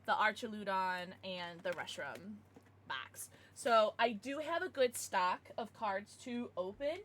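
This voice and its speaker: A young woman streaming live, chatting casually as she opens trading cards, excitable and giggly with bursts of squealing. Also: medium pitch, a little slow, slight background noise. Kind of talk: casual livestream chat while opening cards.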